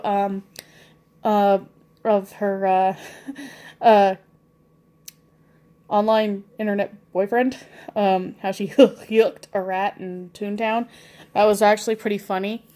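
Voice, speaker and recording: A woman's voice: mid-range voice, steady tone, slow pace, long pauses, mellow. A woman around forty telling funny stories in a casual, rambling way, with many fillers and laughter. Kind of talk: casual anecdotal storytelling.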